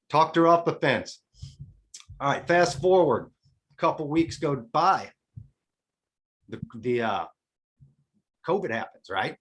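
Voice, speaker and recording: A man's voice: a little high, expressive, slow, pauses often. A man as a podcast guest, telling a personal story in a casual, earnest and emotionally open way, rambling with restarts and self-corrections.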